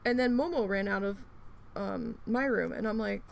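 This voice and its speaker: A woman's voice: mid-range voice, moderate pace, gravelly. A woman chatting casually at home while needle felting, rambling through stories, swearing freely, and acting out her own reactions. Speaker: crafting video host. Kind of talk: casual chat while crafting.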